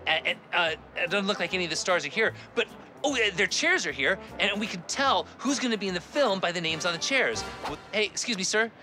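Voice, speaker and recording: A man's voice: high-pitched, a little fast. A man performing a cheerful, earnest young male puppet who hosts a behind-the-scenes tour with jokes. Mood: excited. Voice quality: lively, eager, exclamatory. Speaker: host. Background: music.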